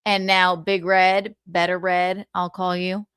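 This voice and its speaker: Speaking slowly in a lowish, clean voice, this livestream host launches into an animated, profanity-laced rant full of exasperation. The sound is clean studio audio with no room sound.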